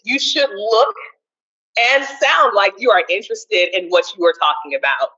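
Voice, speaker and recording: Loud energetic woman presenter. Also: medium pitch, lo-fi sound. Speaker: seminar presenter. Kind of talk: college communication seminar talk.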